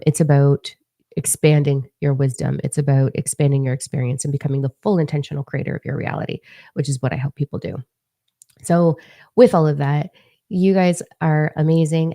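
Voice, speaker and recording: A woman's voice: low-pitched, creaky, dark tone, no echo. A woman in her forties, a spiritual advisor talking casually on her vlog, blunt, profane and playfully mocking.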